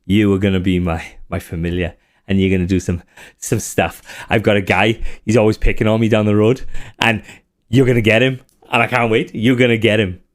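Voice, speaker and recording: A man voicing a giddy young male apprentice wizard who cackles and squeaks with glee. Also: fairly even intonation, brisk, lightly acted. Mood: smug.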